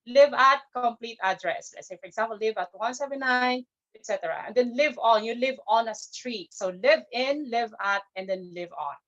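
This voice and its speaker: Her pitch is a touch high and her tone fairly bright, and she keeps a moderate pace with few pauses. A woman from the Philippines, not a native English speaker, she carefully critiques grammar and pronunciation like a teacher at an online speech club. The sound comes through a video call, dull and lo-fi.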